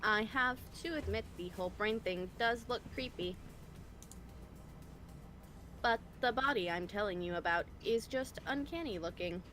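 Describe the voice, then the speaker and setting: A woman voicing an energetic, cheerful female brain in a jar, with a slightly robotic, upbeat and flirty delivery, heard over an online voice call. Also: mid-range voice, unhurried, a little hiss or hum, close to an everyday voice. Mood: chipper. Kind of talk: fan voicing of game dialogue. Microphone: voice call over the internet.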